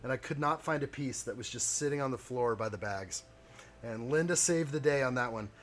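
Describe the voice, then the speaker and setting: A man's voice: medium pitch, fairly quick, fairly bright tone. A man in the middle of his range talks loosely to his live-stream audience, thinking aloud as he works. His chat wanders and chuckles along. A faint layer of noise sits under the voice. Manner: chatty, talks to viewers while building, chuckles. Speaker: live-stream host building a model kit.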